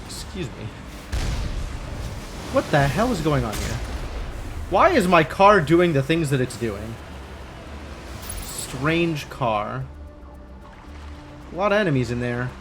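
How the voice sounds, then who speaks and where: A young man talks through a game on a live stream, full of dry, sarcastic remarks aimed at himself and his squad. His voice sits a little high and swings animatedly up and down, with faint game music underneath. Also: sing-song, slow, long pauses. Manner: wry, sarcastic asides to himself. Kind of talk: casual live gameplay commentary.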